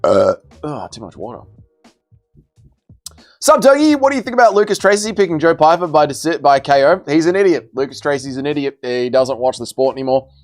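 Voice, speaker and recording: A man's voice: fairly high pitch, expressive, fairly quick, soft background music. A young man hosting a casual livestream, bantering as he reads and answers viewers' chat messages. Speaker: livestream host.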